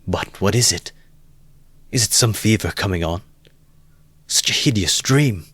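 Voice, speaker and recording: A man's voice: on the low side, expressive, measured pace, fairly bright tone, slightly rough, no room sound, exaggerated voice. A man voicing a tormented young man, anguished and breathless after a nightmare.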